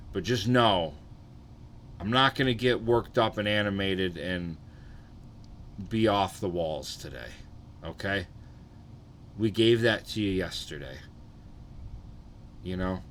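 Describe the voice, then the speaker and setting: A young adult man chatting casually and profanely on a live stream, rambling and tired, keeping his energy low. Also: slow pace, pauses often, a little hiss or hum.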